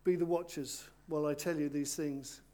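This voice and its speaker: A man's voice: fairly high pitch, fairly even intonation, moderate pace, dark tone. A man leads a children's talk during a church service. He speaks playfully and coaxes the young volunteers at the front. He addresses the congregation around him as he preaches. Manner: playful, coaxing, talks directly to volunteers.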